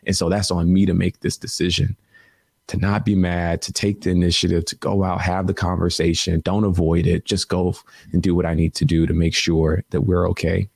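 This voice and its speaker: A man's voice: low-pitched, level tone, fairly quick, gravelly, darkish tone, slightly rough, no echo. A man guest on a podcast telling a personal story, emotional and loose, often saying "man" and "like.".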